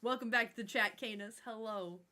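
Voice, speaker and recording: A woman's voice: a little high, a little fast, pushed and bright, a little hiss or hum. A woman hosting a livestream, chatting casually with her chat and a co-host, swearing now and then and laughing often.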